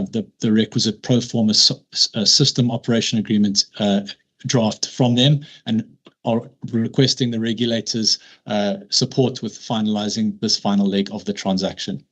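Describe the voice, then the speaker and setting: Man presenting at a public hearing. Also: mid-range voice. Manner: measured, with frequent fillers and restarts. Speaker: licence applicant presenting.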